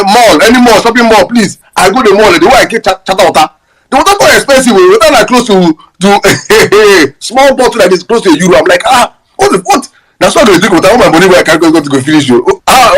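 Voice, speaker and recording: A man's voice: high-pitched, animated, fast talker, fairly bright tone, husky, rough recording. A young Nigerian man with a Nigerian accent who hosts a live audio space, ranting about politics and telling stories, mixing in Pidgin, laughing as he talks and often stammering and restarting. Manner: mixes Pidgin into English, laughs through his stories, many stammers and restarts. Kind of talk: animated political rant with storytelling.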